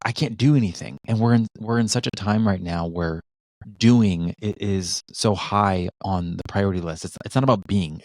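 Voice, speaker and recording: A man's voice: fairly low pitch, a little mellow, no room sound. A middle-aged man co-hosting a podcast, talking in a reflective, casual way with many restarts. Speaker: podcast co-host. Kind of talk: casual conversational chat.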